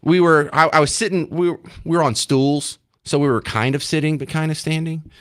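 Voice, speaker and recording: A man's voice: fairly high pitch, steady tone, brisk, no room sound. Chatty man hosting talk radio, dry studio sound. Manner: chatty, rambling, self-mocking. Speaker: radio talk show host. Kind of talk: casual talk radio monologue.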